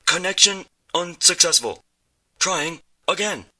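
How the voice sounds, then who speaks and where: A man voicing an automated phone system that speaks flatly and mechanically. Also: high voice, measured pace, heavy background noise. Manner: flat, robotic. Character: glitchy automated phone voice, male.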